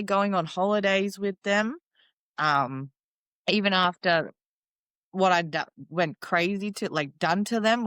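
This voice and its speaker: A woman's voice: medium pitch, a bit bright, smooth, dry recording. A young woman, a guest in an interview, talking plainly and casually about her life. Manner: plain-spoken, casual, lots of fillers.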